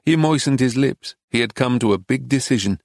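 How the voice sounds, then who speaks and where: A man reading an audiobook in a measured, understated, dry manner. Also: mid-range voice, creaky, a little mellow, no room sound. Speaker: narrator. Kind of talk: scripted audiobook narration.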